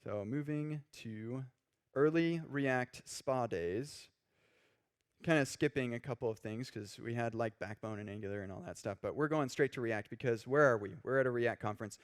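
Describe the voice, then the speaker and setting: Male conference speaker, casual and animated, live-coding on stage into a stage mic. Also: mid-range voice, normal speed, clean tone. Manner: casual, animated, acts out quoted reactions.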